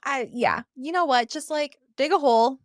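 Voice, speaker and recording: A woman's voice: high voice, no echo. Woman, podcast co-host, casual chat, playful, laughs easily, dry close sound. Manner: quick laughs, upbeat and playful.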